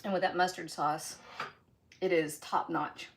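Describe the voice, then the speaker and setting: A woman's voice: on the low side, fairly even intonation, unhurried, gravelly, a little hiss or hum. A woman, chatting casually while she cooks and tastes food in her home kitchen during a live stream. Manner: chatty, folksy, talks while tasting food. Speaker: home cook hosting a live cooking stream.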